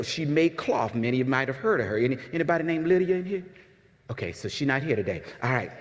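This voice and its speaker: A man's voice: on the high side, long reverb tail. A man preaching a sermon to his congregation in a conversational way, often repeating words and asking the room questions. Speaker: pastor. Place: church sanctuary.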